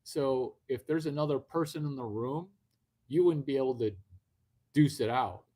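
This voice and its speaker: A man's voice: medium pitch, normal speed, warm tone. A man hosting a live video stream, talking brashly and rambling at his viewers with a lot of swearing. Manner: brash, profane, rambling, addresses viewers directly. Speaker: livestream host. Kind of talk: unscripted livestream talk.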